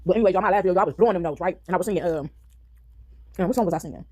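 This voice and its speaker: Fast-talking chatty woman, dark voice. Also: fairly low pitch, no echo. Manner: chatty, addresses viewers as y'all, sings snippets. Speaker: vlogger. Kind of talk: casual chat while eating. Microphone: phone.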